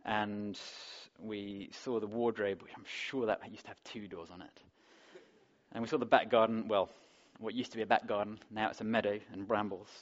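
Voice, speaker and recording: Male preacher, lowish voice, chatty sermon style with rhetorical questions; dull lo-fi recording. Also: fairly even intonation, normal speed. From England. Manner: conversational, asks the congregation rhetorical questions.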